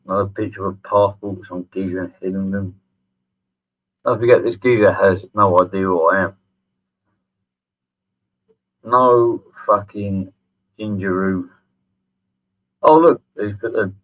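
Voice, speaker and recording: A middle-aged man sneers his way through a mocking response video, swearing freely. He talks slowly in a lowish voice. The sound is thin and phone-like. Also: fairly even intonation. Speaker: channel host. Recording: tinny phone-like audio.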